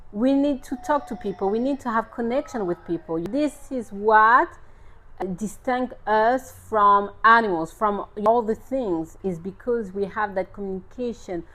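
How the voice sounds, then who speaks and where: A woman's voice: medium pitch, unhurried. A woman vlogger casually telling a personal story about everyday encounters. She talks in short bursts with fillers and loose grammar, and breaks into incredulous exclamations as she replays the conversation. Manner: expressive storyteller who replays her own disbelieving exclamations. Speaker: family and parenting vlogger.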